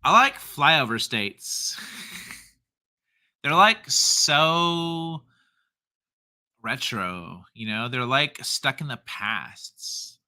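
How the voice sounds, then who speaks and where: A man's voice: medium pitch, lively intonation, extremely slow, long pauses, sharp tone, heavily acted. A man putting on the voice of an airy, ditzy young Valley girl who gushes and stretches her words. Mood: gushing.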